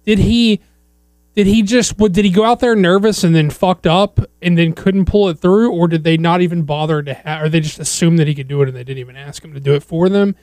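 A man's voice: on the high side, a little fast, darkish tone, no room sound. Blunt, profane podcast man from Texas. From Southeast Texas. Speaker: podcast co-host. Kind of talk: casual wrestling chat.

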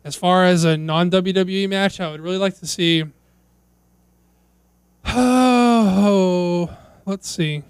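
A man's voice: high-pitched, slow pace, long pauses, clear, resonant tone, no echo. Podcast co-host, male, casual and teasing, dry close sound. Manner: joking, teasing. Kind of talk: casual chat.

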